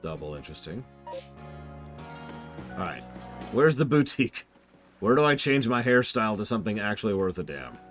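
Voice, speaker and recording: A man streaming a video game, giving animated, jokey and sarcastic casual commentary. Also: fairly low pitch, moderate pace, pauses often, faint music behind.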